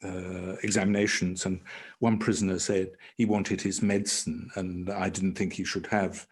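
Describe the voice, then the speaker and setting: A man's voice: low voice, flat delivery, moderate pace. An older British man, a podcast guest, telling dry anecdotes in conversation, hesitant and full of restarts. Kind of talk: casual conversation.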